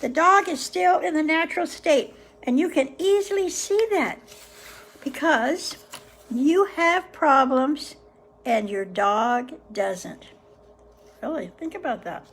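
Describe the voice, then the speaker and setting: A woman hosting a session where she reads a book aloud to viewers, pausing often in a gentle, unhurried way to muse on the passages. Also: sits high, expressive, slight background noise. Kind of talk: reading aloud with casual reflections.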